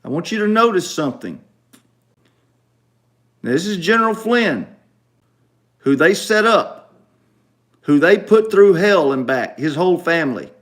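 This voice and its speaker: A man's voice: high-pitched, sing-song, unhurried, long pauses, fairly bright tone. A middle-aged man, hosting a casual talk livestream from home and repeating his points emphatically. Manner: emphatic, repeats instructions to viewers. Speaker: talk show host.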